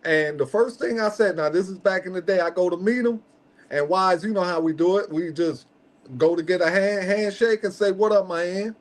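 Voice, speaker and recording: A man's voice: high-pitched, moderate pace. A man hosting a casual podcast chat, making emphatic points in slangy, conversational speech and checking in with "okay?" again and again. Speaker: host.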